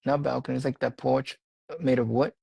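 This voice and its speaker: A man telling a personal faith testimony in a casual interview, animated and laughing often, repeating his phrases. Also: mid-range voice, fairly quick, creaky, husky, no echo, poor audio. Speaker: guest sharing a faith testimony.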